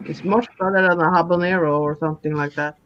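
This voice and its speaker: A woman's voice: on the low side, steady tone, fast talker, fairly bright tone, dull audio. A woman chatting casually on a livestream, teasing and laughing often.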